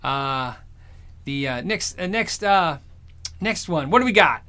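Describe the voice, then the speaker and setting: A man chatting casually on his stream, telling rambling anecdotes in an animated way. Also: a little high, a little slow, a little hiss or hum. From Arizona. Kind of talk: casual storytelling chat.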